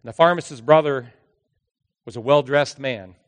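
A male pastor preaching a sermon, telling a story dramatically, with his voice swinging from hushed to loud. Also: medium pitch, normal speed. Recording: long hall reverb.

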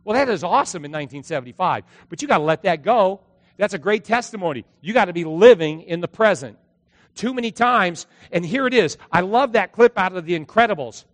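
A male pastor preaching a sermon, telling a story with lively acted-out dialogue and bursts of shouting. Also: high voice, a little fast, no echo. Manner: animated storytelling, acts out dialogue, shouts at peaks.

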